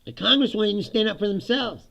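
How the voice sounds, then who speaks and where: A middle-aged man hosts his own livestream, venting about the news in a sarcastic, profane way and breaking into laughter often. His voice is bright and forceful, sitting a little high, with a heavy gravelly rasp. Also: lively intonation, fast. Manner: sarcastic, laughs often, swears, mimics others. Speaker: livestream host. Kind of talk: casual political commentary livestream.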